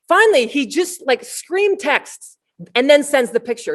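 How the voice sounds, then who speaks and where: Woman, preacher, sermon, storytelling, animated, high-pitched, wide swings in pitch, near-shouting peaks. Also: moderate pace. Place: online service, shared screen.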